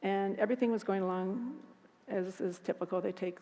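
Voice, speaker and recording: A woman's voice: mid-range voice, dark tone. Woman telling her story in a reverberant hall. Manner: earnest, halting with frequent restarts. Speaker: conference speaker. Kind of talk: personal storytelling talk. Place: conference hall.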